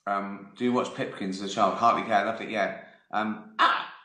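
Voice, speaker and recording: On his own live stream, a man in his fifties rambles through stories in a lowish, steady voice with a sharp edge, keeping a moderate pace. He laughs a lot and swears without restraint. The casual chat sounds echoey, as if in a roomy space.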